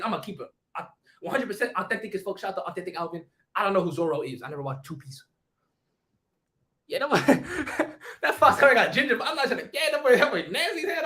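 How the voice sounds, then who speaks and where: A young man streaming casually, talking fast in heavy slang while answering chat questions. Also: sits high, sharp tone.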